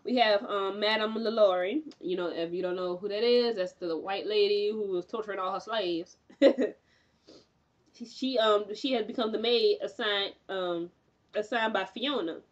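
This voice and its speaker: A young woman recapping a TV episode in a chatty, animated way, with lots of fillers and frequent laughter. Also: medium pitch, moderate pace, dull audio. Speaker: TV recap reviewer.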